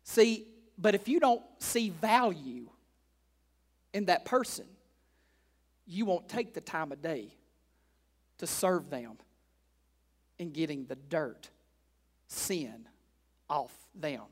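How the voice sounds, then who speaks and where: A male pastor preaching a sermon to his congregation in church, repeating key lines, firing off rhetorical questions and dropping into casual asides, swinging between hushed and loud emphatic delivery. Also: on the high side, animated, slow pace, pauses often, husky.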